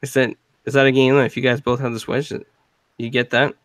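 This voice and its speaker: A man hosting a casual gaming podcast, talking in a halting way with restarts and fillers. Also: mid-range voice, flat delivery, fairly bright tone, dry recording, poor audio. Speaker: podcast host. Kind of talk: casual chat.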